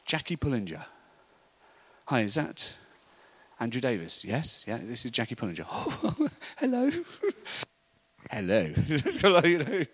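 A middle-aged man telling an animated story in a sermon, acting out the voices of the people in it. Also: on the high side, slightly rough, low-quality recording. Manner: animated storytelling, acts out voices, laughs often. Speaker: preacher. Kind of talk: sermon anecdote.

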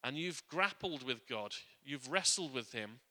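In a church, a man delivers a sermon in a very bright, forward, mid-range voice while a long reverb rings through the hall. He is earnest, animated and unhurried, often restarting and repeating words, and he drops quiet and soft on his reflective points.

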